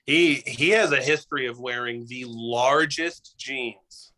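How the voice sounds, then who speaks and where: A man's voice: medium pitch, measured pace, pushed and bright, rough recording. A man as a guest on a casual talk show, making dry jokes and wild exaggerations. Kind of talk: casual chat.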